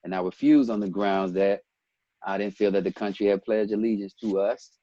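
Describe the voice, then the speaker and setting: A man in his forties from Ethiopia, a guest telling stories in a relaxed interview, animated and quick to quote others. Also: lowish voice, no room sound, highs cut off. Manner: animated storyteller, breaks into quoted voices and laughs. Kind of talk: casual storytelling interview.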